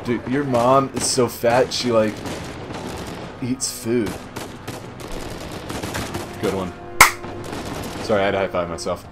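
A man giving casual, joking commentary while playing a shooter game, swearing often and yelling at enemies. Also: mid-range voice, takes it slowly, pauses often. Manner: jokey, swears a lot, shouts at enemies. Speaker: gamer doing a let's play. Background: faint game music and gunfire.

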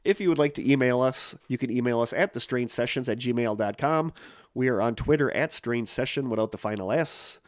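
A congested, tired man co-hosts a podcast in loose, casual chat. His voice sits at a middle pitch, and the recording is close and dry, with no room sound. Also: fairly quick, dry recording. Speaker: podcast co-host.

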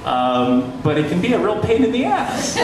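A middle-aged radio journalist telling anecdotes on a panel, chatty, laughing often and restarting his sentences. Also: sits high. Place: panel discussion in a large echoey room. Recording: echoey hall from far off, noisy.

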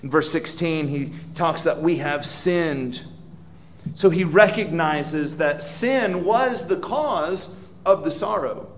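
In a church hall, a pastor delivers a dramatic sermon in a fairly high-pitched voice at a slow pace. He voices prayers aloud with rising intensity and puts questions directly to the congregation.

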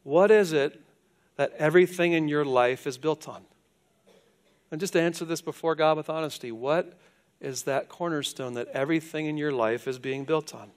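Older preacher, hushed to loud. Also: male voice, a little high, normal speed. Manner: swings from loud questions to hushed, quiet endings. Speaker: pastor. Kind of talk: sermon.

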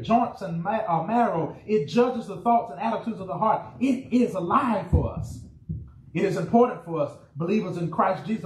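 Fervent high-voiced pastor preaching. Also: male voice, roomy sound, distant mic, slight background noise, low-quality recording. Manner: preacherly call-and-response, rising excitement, shouted refrains. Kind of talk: sermon. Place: church sanctuary.

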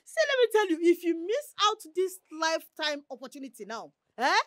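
An actress playing a Nigerian mother who scolds her grown son, with an Igbo Nigerian accent, talking in a shrill, rapid way. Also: sing-song, no room sound, studio quality. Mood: scolding. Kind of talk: Nollywood film acting.

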